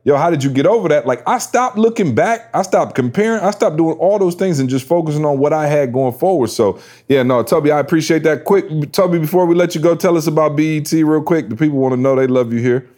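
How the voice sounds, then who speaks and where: A man's voice: a little high, fast talker, few pauses, a little mellow. A man co-hosting a podcast in a casual, slangy, joking way. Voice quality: laid-back, slangy, joking. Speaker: podcast co-host. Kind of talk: casual chat.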